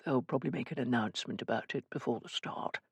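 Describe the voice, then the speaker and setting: A woman's voice: very deep voice, quick pace, gravelly, husky, no room sound, pitched below the performer's own voice, exaggerated voice. A woman voicing a sulky, scornful young male actor who mostly whispers in an audiobook. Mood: sulky hush. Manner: hushed whispering.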